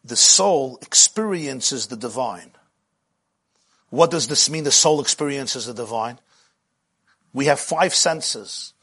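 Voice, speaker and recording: A man's voice: mid-range voice, lively intonation, slow pace, pauses often, bright, forceful tone, slightly rough. A middle-aged man giving a spiritual lecture as a Jewish teacher, with rhythmic, repetitive phrasing that often builds with passion.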